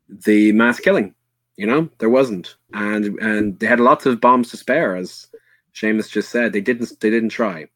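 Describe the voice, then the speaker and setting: An Irish man talks history on a podcast in a low, dry voice. He speaks with earnest bluntness, stops and restarts a lot, and swears now and then. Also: steady tone, normal speed, a bit bright, dry recording. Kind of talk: casual history discussion.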